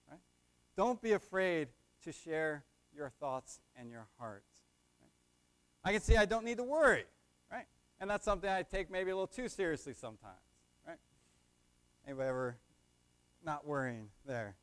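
Young male lay preacher, high pitch, animated delivery, calls out to the congregation. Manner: repeats "right?" to the congregation; call and response with the audience. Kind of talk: sermon.

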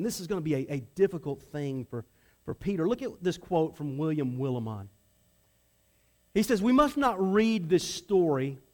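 A man with a high-pitched voice delivers a sermon to a congregation. He talks conversationally and often repeats words as he restarts a phrase. He slips into acted-out voices for the people in the story. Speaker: preacher.

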